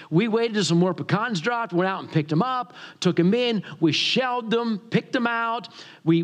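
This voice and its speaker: A man from the northern United States preaching a sermon as pastor, telling a story with animated humor. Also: high-pitched.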